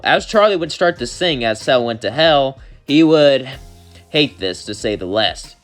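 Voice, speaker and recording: A man's voice: mid-range voice, animated, unhurried, a bit bright, soft background music. A man narrating a fan story in a loose, rambling way.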